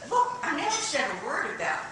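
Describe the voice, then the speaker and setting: A woman playing a giggly would-be singer, echoey stage. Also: high voice. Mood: chatty. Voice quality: animated, giggly, quick-changing. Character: flighty young female aspiring singer, chatty. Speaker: actress in a stage play. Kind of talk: live stage acting. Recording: far, echoey, noisy stage capture.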